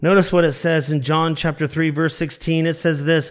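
A man preaching a sermon as pastor, slow and deliberate, stretching out quoted verses for emphasis and calling his listeners beloved. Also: on the high side, little pitch movement.

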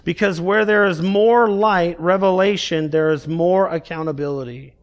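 Man, preacher, high voice, emphatic sermon delivery, louder on quoted verses, quiet on stressed words. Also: moderate pace. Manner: emphatic, raises voice for scripture quotes, drops low for key words. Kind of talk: expository sermon.

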